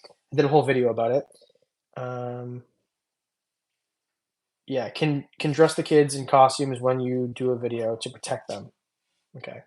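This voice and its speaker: A man's voice: medium pitch, steady tone, normal speed, long pauses, a little mellow. A man hosting a long casual livestream, reading chat comments aloud and joking loosely, tired after hours on air. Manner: loose, rambling, joking, many fillers. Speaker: reptile channel host.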